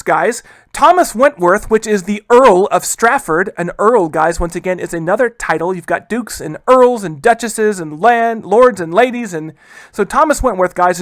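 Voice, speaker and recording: A man's voice: high voice, a bit bright, no room sound. A man teaching a history lesson in a casual way, often calling his listeners guys and briefly acting out historical figures. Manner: acts out historical figures in quick asides. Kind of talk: recorded history lecture.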